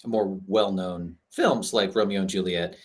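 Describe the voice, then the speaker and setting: A man's voice: low voice, fairly even intonation, unhurried. A man co-hosting a casual podcast chat, joking around and laughing easily. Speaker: podcast co-host.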